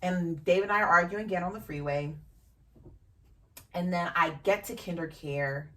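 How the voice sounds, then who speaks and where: A woman with a fairly low voice hosts a podcast and tells a deeply personal story. She speaks frankly and emotionally and swears casually. She sits some distance from the mic, so her voice sounds a little far off. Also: normal speed, sharp tone. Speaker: podcast host.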